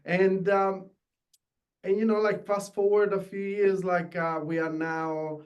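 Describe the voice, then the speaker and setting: An Italian man speaking English as a second language, with a voice pitched a little high. He talks eagerly but haltingly, restarting his sentences often as an interview guest. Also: level tone, highs cut off. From Italy. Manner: enthusiastic, halting with many restarts. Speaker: guest, tailor. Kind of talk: casual interview.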